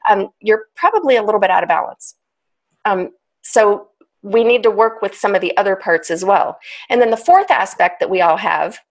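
Laughing, animated woman guest. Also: medium pitch. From United States. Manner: animated, laughs often, acts out inner voices. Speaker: guest, trauma specialist. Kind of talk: explanatory podcast conversation.

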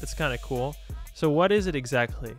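Excitable young man commentating his game. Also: a little high, brisk, soft background music. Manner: jokey, excitable, shouts at his players. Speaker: gaming YouTuber. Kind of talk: casual gameplay commentary.

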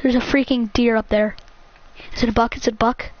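A woman giving casual, excitable commentary while playing a hunting game, repeating words as she talks. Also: a little high, brisk, no echo. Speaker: gaming channel host. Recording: muffled lo-fi sound.

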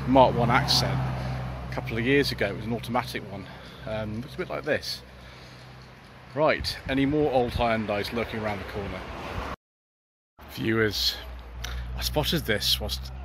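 A man's voice: medium pitch, a bit bright. British man, car-spotting vlog, eager chatty commentary, outdoor street noise behind. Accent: British English. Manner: enthusiastic, chatty commentary addressing viewers. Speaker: car channel host.

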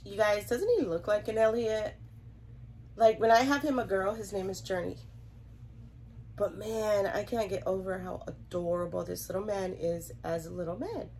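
A woman's voice: medium pitch, fairly even intonation, moderate pace, a little mellow, slight background noise, low-quality recording. A young woman with a Southern US accent, chatting to camera about her reborn dolls, congested from a cold and giggling often. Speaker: reborn doll collector vlogger. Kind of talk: casual chat to camera.

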